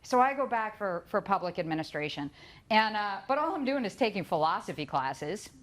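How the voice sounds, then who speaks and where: A middle-aged woman giving a talk, telling her own story with lively asides and acted-out quotes. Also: medium pitch, fairly quick. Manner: lively storytelling, acts out quoted voices, laughs at herself. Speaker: conference speaker.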